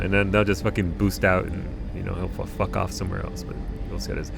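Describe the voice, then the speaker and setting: A man's voice: deep voice, level tone, fast talker, creaky, few pauses, over music. A man chatting casually on a live game stream at home, rambling, swearing freely and laughing often.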